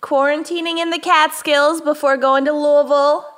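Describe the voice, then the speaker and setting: A woman's voice: high-pitched, steady tone, moderate pace, a bit bright. A woman co-hosting a podcast in casual chat, jet lagged, joking and laughing often, recording from a new space. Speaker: podcast co-host.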